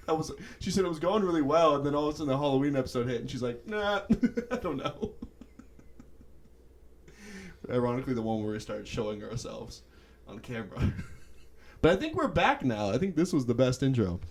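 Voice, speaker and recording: A young man chats casually as a podcast co-host, his voice bouncing up and down in pitch. He is giggly and animated, often breaking into laughter. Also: quick pace. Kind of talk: casual chat.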